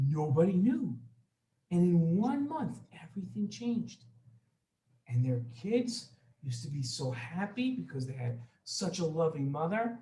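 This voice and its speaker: Man hosting a kids show, upbeat storytime, high bright voice, echoey room. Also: sing-song, measured pace, slight background noise. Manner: upbeat, reassuring, talks to kids. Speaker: children's show host. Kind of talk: storytelling to children.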